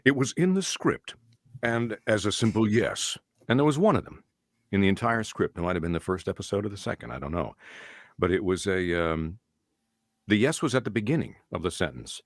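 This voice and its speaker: A man being interviewed about his voice-acting work, telling lively stories and dropping into voices now and then. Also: fairly low pitch, brisk, no room sound, clean studio sound. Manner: animated storyteller, slips into character voices. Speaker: voice actor guest. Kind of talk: casual interview.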